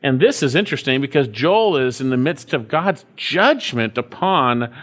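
A man's voice: mid-range voice, fairly bright tone. A man preaching a sermon, reading scripture aloud and repeating key phrases with emphasis. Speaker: pastor.

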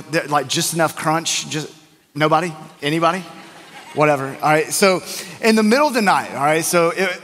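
A fairly high-voiced man preaching to his congregation in a church. He tells a story in a loose, chatty, joking way. His voice carries a long reverb from the big sanctuary. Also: fairly bright tone. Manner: conversational and joking, acts out quoted voices. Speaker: pastor. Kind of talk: sermon with storytelling.

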